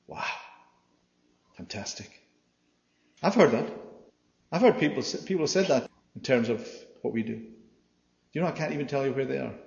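A man preaching a sermon in an animated way, swinging from loud to hushed, acting out the quoted voices and asking the room "yeah?". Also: medium pitch, moderate pace, vocal fry, pauses often. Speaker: pastor. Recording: dull, echoey hall recording.

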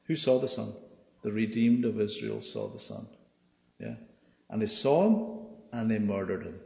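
A man preaching in a big, echoing church hall, and the sound is slightly dull. He reads scripture aloud and keeps asking the congregation questions. His voice jumps from loud to hushed. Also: fairly low pitch, unhurried, creaky. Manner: lively, asks the congregation questions, swings from loud to quiet. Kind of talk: expository sermon reading scripture.

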